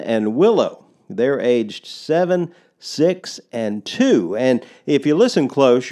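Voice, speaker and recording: A man's voice: mid-range voice, a little mellow. A man acting as host, giving a formal introduction to a guest preacher.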